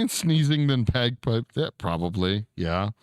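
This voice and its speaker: A man's voice: mid-range voice, very animated, a little slow, clear, resonant tone, no room sound, studio quality. A man hosting a casual livestream, reading chat aloud and answering viewers, with easy swearing. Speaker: streamer.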